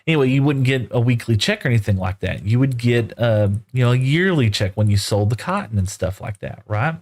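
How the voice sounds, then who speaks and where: A man's voice: medium pitch, lively intonation, a little fast, a little mellow. A middle-aged man from West Texas, telling a long rambling story in a folksy, casual way while streaming, full of "you know" and "right?".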